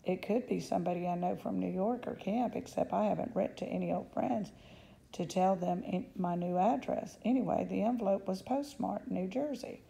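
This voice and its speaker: A woman reading a children's novel aloud, lifting her voice for the young narrator's excited thoughts. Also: mid-range voice, moderate pace, creaky, poor audio. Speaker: audiobook reader.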